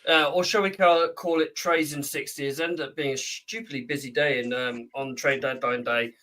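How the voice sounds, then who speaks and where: A man's voice: fairly high pitch, steady tone, normal speed, sharp tone. Chatty UK man, distant from the mic. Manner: chatty, with frequent ums and uhs while reading. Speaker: podcast co-host reading the trade news. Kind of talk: casual chat.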